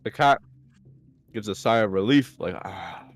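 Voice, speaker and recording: Low-voiced man narrating a tabletop game. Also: moderate pace. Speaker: game master.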